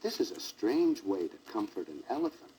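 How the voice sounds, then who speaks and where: A dry, grumbling male lion, voiced by a man muttering to himself. His voice sits a little lower and stays mellow. It comes off a crackly 1960s storybook record. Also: big pitch swings, moderate pace. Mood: wry.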